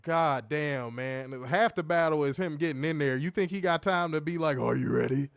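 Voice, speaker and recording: A man hosting a casual live stream, joking loudly, laughing often and reading out donations. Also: on the high side, normal speed, clear, resonant tone, no room sound, studio quality. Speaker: wrestling stream host.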